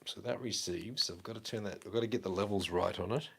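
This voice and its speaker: Talking quickly in a lowish, gravelly voice, a livestream host swears and rambles casually while tinkering with gear on a wireless mic. He's walking through his house and down a hallway, with slight background noise.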